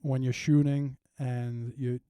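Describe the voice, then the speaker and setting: A man's voice: mid-range voice, little pitch movement, slow, warm tone, clear, resonant tone, no room sound. A man co-hosting a comedy podcast, chatting casually and laughing often as he recaps scenes. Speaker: podcast co-host.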